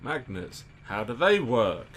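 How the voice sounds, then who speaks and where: A man's voice: medium pitch, sing-song, takes it slowly, a bit bright. A young British man co-hosting a game playthrough, sweary and jokey, drifting into long rants. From United Kingdom. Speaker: let's play co-host. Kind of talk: casual gaming banter. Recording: faint background noise.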